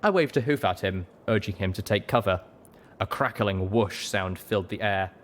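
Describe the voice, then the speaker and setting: A man narrating a story in first person with a steady, dramatic reading. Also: lowish voice, moderate pace, a little hiss or hum. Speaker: audiobook reader.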